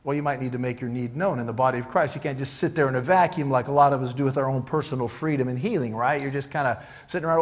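A middle-aged man preaching in a loose, conversational way, joking with his listeners and slipping into little acted-out prayers. His voice sits a touch higher than most men's. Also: steady tone, fast. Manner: informal and joking, acts out prayers and Bible quotes in character. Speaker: pastor. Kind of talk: conversational sermon.

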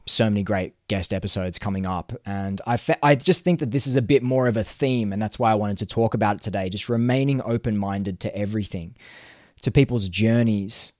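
A man's voice: lowish voice, a little mellow, no room sound, clean studio sound. A man hosting a solo podcast, talking earnestly and chattily with lots of fillers and restarts. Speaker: podcast host.

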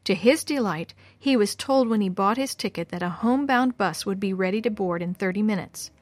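A woman narrating a storybook in a measured, expressive way. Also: medium pitch, no room sound. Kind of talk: storybook reading.

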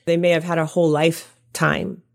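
A woman with a notably low voice speaks as a podcast guest and coach. She offers practical, encouraging advice in a relaxed, conversational way. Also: brisk, vocal fry. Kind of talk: casual interview chat.

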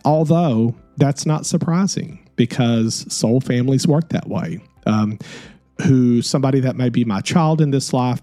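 A middle-aged man, a podcast host, telling a personal story in an earnest, soft-spoken and reflective way. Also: mid-range voice, dry recording.

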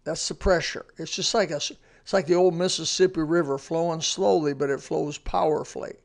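A man's voice: a little high, steady tone, brisk, creaky. A man giving a short devotional sermon in a plainspoken, earnest way, with folksy asides. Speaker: radio devotional speaker.

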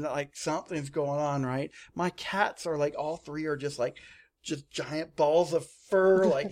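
Animated man telling stories, slightly high voice. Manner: animated storyteller, mimics his own screams. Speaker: comic shop staff guest. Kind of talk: casual radio-style chat.

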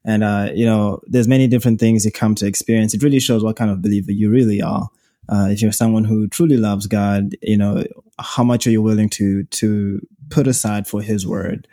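Young man, Zimbabwean accent, low voice, mellow, dry close sound, earnest podcast chat. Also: little pitch movement, fairly quick, dry recording. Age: young adult. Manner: earnest, with frequent fillers and restarts. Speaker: podcast co-host. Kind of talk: casual faith podcast chat.

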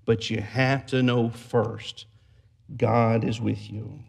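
A man's voice: medium pitch, little pitch movement, slow, creaky, slightly rough. A man preaching a sermon as pastor, building emphasis through repeated phrases and storytelling. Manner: preaching with rising emphatic repetition.

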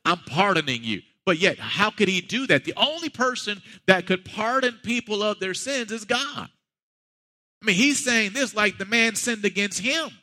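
A man's voice: sits high, expressive, moderate pace, bright, forceful tone, big-room sound. A man preaching a sermon as a pastor, talking conversationally and building to emphatic peaks.

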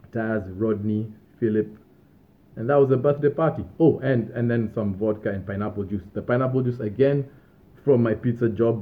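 A young man hosting a podcast, telling stories from his student days in a relaxed, rambling way with small laughs and restarts. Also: lowish voice. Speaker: podcast host. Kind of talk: casual storytelling monologue. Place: Australia. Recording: tinny phone-like sound.

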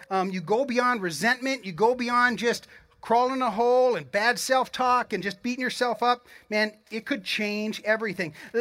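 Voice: medium pitch, fairly bright tone. A pastor giving an earnest, encouraging sermon in a conversational way, talking straight to the congregation and often repeating words as he restarts a thought. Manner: earnest, conversational preaching with frequent word repeats; encouraging, addresses the congregation directly.

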